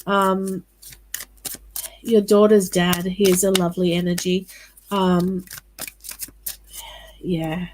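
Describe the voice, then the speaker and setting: A woman doing live-stream psychic card readings, talking casually and reassuringly, often pausing with "um" and "all right" as she calls viewers by name. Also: fairly low pitch, level tone, darkish tone, a little hiss or hum, low-quality recording.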